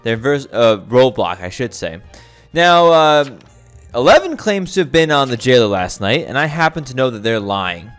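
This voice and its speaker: A man talks through his game as he plays it, his pitch swinging up and down a great deal. He restarts sentences and fills pauses with ums as he reasons aloud. Faint music plays underneath him. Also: clean tone. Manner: lively, thinks aloud with many restarts and fillers. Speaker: gameplay commentator. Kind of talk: casual gameplay commentary.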